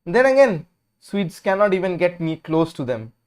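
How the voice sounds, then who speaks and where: Man, high voice, live stream host, casual match commentary, opinionated, chatty, lively calls mixed with low mumbles. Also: moderate pace.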